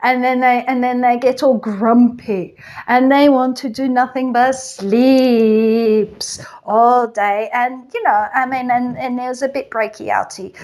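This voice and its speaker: A woman's voice: fairly high pitch, darkish tone. A woman playing a flippant, gossipy goddess queen of the underworld in a chatty comic monologue full of "like" and "you know".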